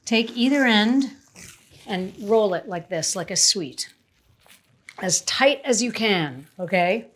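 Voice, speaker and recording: A chatty woman in her fifties talks through a recipe while she works, wandering off into stories. Her voice sits at an ordinary middle pitch, and her delivery is casual and unscripted. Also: lively intonation, slow, fairly bright tone. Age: 50s. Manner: chatty, rambling, laughs often. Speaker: cooking show host. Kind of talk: casual cooking demonstration.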